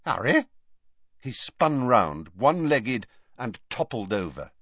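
A man narrating a novel aloud in an expressive storytelling manner. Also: mid-range voice, measured pace, no echo. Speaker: audiobook narrator. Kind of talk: scripted narration. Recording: dull dry audiobook recording.

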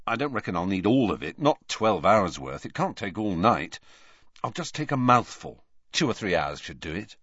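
A man's voice: fairly low pitch, very animated, moderate pace, a bit bright, dry recording. Narrator doing a determined teen boy, earnest, dry close sound. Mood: confident. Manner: earnest, sometimes urgent. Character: teenage schoolboy hero, determined. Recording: dull lo-fi recording.

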